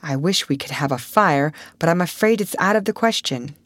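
A woman voicing a confident young man who speaks in a lower, reassuring voice in a storybook reading. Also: animated, moderate pace, a bit bright, no room sound, studio quality. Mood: steady. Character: confident, steady young man, camera operator.

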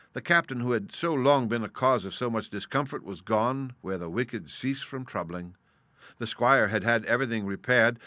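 A man reading a classic adventure novel aloud as an audiobook, in steady, measured storytelling narration. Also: on the low side, no room sound, clean studio sound. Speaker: audiobook reader. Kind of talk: scripted narration.

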